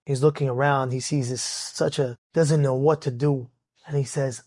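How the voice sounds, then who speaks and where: A man who is a rabbi telling an inspirational story in a sermon, animated and dramatic, acting out the characters and rising to shouts at the peaks. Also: medium pitch, normal speed.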